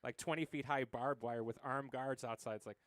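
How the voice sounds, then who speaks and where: Rambling fast-talking American man. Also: mid-range voice, steady tone, fairly bright tone, no echo. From United States. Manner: rambling storyteller, many fillers and acted quotes. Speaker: interview guest, musician. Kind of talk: casual interview conversation.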